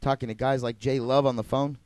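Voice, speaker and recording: A man hosting a live comedy talk show, joking and teasing in fast, loose banter. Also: medium pitch, fairly even intonation, darkish tone, no echo. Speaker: host.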